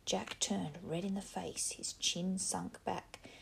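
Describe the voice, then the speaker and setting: A woman narrating a novel in a soft, half-whispered reading voice. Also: fairly low pitch, level tone, takes it slowly, creaky, slight background noise. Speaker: audiobook narrator. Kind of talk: scripted narration.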